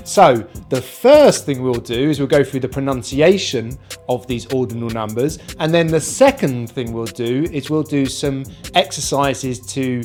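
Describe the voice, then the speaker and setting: British man teaching pronunciation slowly. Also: on the high side, a little mellow. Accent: British English, non-rhotic. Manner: slow, careful, demonstrates sounds one by one. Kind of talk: online pronunciation lesson.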